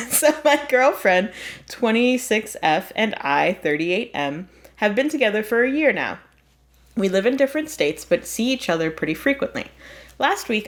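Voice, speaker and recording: A woman hosting an advice podcast who reads a story aloud in a casual, chatty way and often breaks into laughter. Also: on the low side. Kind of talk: casual chat.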